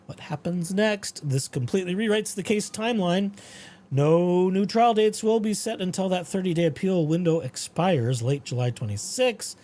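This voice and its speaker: Reading out legal updates and rambling about his dreams, which he quotes with animation, this man hosts a casual talk-show podcast. His voice sits high and moves at a normal speed.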